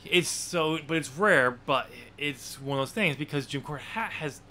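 Male podcast co-host, a touch higher than typical, bright, forceful tone; casual rambling delivery full of ums and restarts. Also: animated, unhurried. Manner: rambling, lots of fillers and restarts. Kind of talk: casual wrestling chat.

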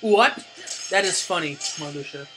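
A woman giving gameplay commentary as a let's play host, getting excitable, cursing and yelling at the game. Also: lowish voice, measured pace, poor audio. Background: game music.

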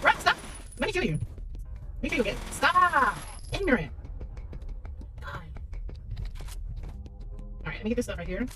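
A woman's voice: fairly high pitch, big pitch swings, moderate pace, long pauses, over music. A woman giving casual, chatty commentary while streaming a horror shooter, talking back to the game and her friends.

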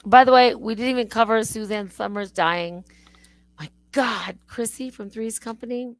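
A woman's voice: on the high side, moderate pace, no echo. A woman hosting a casual livestream, rambling and laughing at herself. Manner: rambling, self-mocking, laughs often. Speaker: livestream host.

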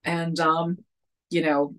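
A woman's voice: low voice, little pitch movement, slow pace, a bit bright. A woman in her forties co-hosting a casual chat show, rambling and joking with frequent laughs. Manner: rambling, joking, self-deprecating, laughs often. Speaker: podcast co-host.

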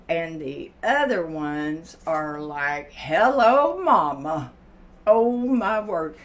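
Slow-talking older woman vlogger. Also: on the low side. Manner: chatty, folksy, exclaiming often. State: tired. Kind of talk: casual chat to camera. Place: home kitchen.

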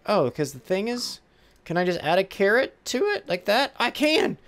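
Animated, playful let's-play gamer. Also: medium pitch, moderate pace. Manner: playful, talks to the pet pig, hums and sings along; excitable, squeals and gasps in alarm. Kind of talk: casual gameplay commentary.

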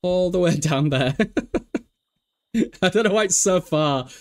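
Brief: young male streamer, raised voice, animated and giggly, bossing his game characters around. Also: high-pitched, slow pace. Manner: excitable, laughing often, shouting at game characters. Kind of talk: casual game commentary. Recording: faint music behind.

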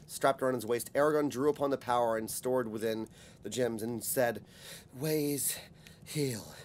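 Guy narrating a fantasy audiobook, middle pitch, measured and steady. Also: slight background noise.

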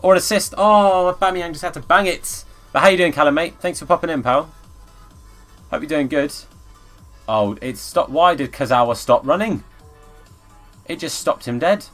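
A young man commenting live on a football video game as a streamer, chatting with viewers and bursting into excited shouts at the play. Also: mid-range voice. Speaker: gaming streamer. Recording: faint background music.

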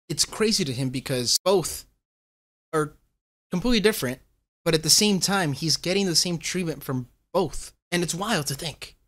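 A man giving casual, excitable commentary while reacting to an album, often repeating himself and saying "bro.". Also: fairly high pitch. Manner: excitable, repeats phrases, calls listener bro. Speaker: music reaction host. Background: faint hip hop music.

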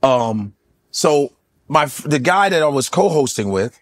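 A man's voice: a little high, expressive, measured pace. A male comedian in casual conversation, telling loose, profane stories and slipping into voices. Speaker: comedian and podcast host, guest. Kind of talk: casual storytelling chat.

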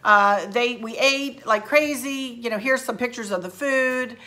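A woman with a bright, fairly high voice chats to her camera at home as the host of a craft channel. She is effusive and emotional, laughing often, and her throat is a little scratchy. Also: a little slow. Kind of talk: casual chat to camera. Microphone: handheld camera.

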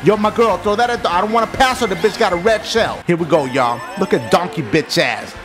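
Hyped, high-voiced profane game commentator man. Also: animated, a little fast. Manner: loud, profane trash talk, frequent yelling and laughter. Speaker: gaming commentator. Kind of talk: excited let's-play commentary. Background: game music.

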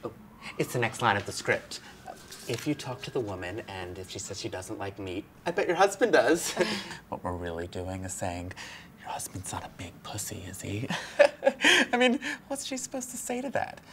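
Woman as a gossipy call center mentor, super low voice, jumpy lively tone. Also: normal speed, background noise. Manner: gossipy, whispers asides, laughs often. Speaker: veteran telemarketer mentoring a new hire. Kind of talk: comedy audio drama acting.

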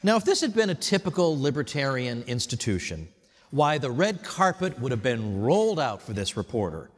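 A man giving a prepared tribute speech at an event, telling stories in a wry, animated way. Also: mid-range voice, normal speed, long reverb tail. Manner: wry, animated storytelling with mock voices. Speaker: speaker at an institute event. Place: hotel event hall.

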